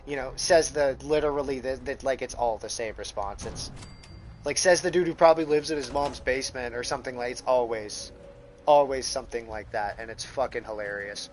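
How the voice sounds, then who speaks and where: A man's voice: medium pitch, brisk, a little hiss or hum. A young man from Kansas with a Midwestern American accent, rambling profanely with lots of fillers in casual gameplay commentary at home. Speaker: gaming streamer.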